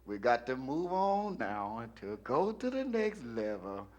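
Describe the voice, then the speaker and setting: A man voicing a church chairman who drawls slowly, urging people to move on. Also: mid-range voice, sing-song, muffled recording, voice pushed down. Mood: coaxing. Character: male church chairman, slow drawling, moving on.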